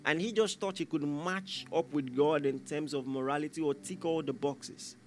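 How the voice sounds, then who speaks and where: A man's voice: on the high side, normal speed. A man preaching a sermon, emphatic and repeating key phrases, raising his voice when he acts out quoted lines. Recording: faint instrumental music behind.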